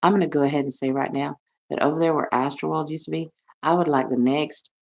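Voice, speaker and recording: Middle-aged american lady ranting on a livestream, swears a lot, laughs, gets loud then quiet, kinda gravelly. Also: low voice, fairly even intonation, fast talker. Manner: brash, profane, laughs often, swings loud and soft. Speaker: livestream host. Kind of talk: rambling livestream rant.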